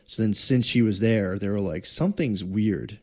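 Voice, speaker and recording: A young man co-hosting a podcast, telling a story in a rambling, profane, excitable way. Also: on the low side, moderate pace. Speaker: podcast co-host. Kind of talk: casual podcast chat.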